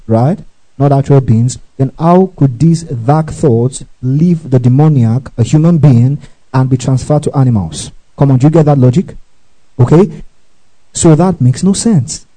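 A man's voice: medium pitch, mellow, rough recording. A man teaching from the Bible, repeating each verse reference, telling listeners to underline words and checking in with "okay?" and "right?".

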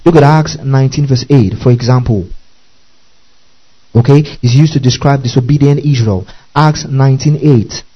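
A man's voice: mid-range voice, normal speed, breathy edge, muffled recording. A man preaching a Bible-study sermon, repeating key words, spelling out Greek terms and often checking in with his listeners.

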